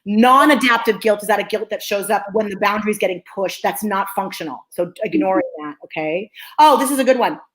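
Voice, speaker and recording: A woman's voice: medium pitch, a little fast, few pauses, low-quality recording. A woman psychologist hosting a talk, teaching energetically, repeating key phrases and often checking in with "okay?". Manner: animated, repeats phrases for emphasis. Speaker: psychologist host.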